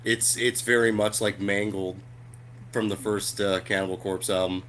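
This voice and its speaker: A man's voice: fairly low pitch, normal speed, a little hiss or hum. Male podcast co-host, casual storyteller who laughs mid-sentence. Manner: animated retelling of a comedy skit, laughing along. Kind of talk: casual chat.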